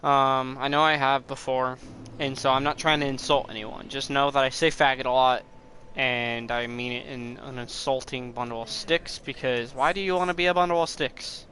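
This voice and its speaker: Here a young male gameplay commentator speaks at normal speed in a steady, sharp mid-range voice, with a little hiss or hum on the recording. His let's play talk is loose and rambling, punctuated by swearing at the game and bursts of frustration.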